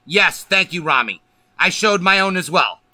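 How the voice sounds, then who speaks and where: Man, livestream host, profane angry rant, high voice, very bright and sharp. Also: expressive, normal speed, dry recording. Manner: angry, profane, emphatic ranting. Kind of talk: ranting political livestream.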